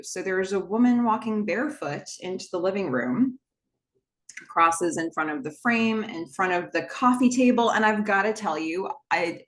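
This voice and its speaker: A woman's voice: fairly low pitch, a bit bright. A woman hosting a podcast, chatting enthusiastically as she recaps a TV episode and acts out bits of its dialogue. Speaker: podcast host.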